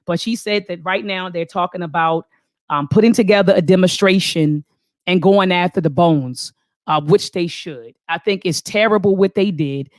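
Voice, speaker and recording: A woman's voice: lowish voice, normal speed, no echo, clean studio sound. A woman hosting a live online talk, reading viewer comments aloud and speaking with fervent, preacher-like conviction, often calling the audience "family". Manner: thinks aloud, restarts and repeats phrases.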